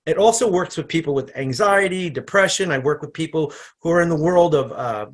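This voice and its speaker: An energetic man with a fairly high voice gives a conversational product training over a computer microphone. He talks fast and loose, repeating words and starting sentences again. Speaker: chiropractor giving product training. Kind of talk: casual presentation on a video call. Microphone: computer microphone on an online call.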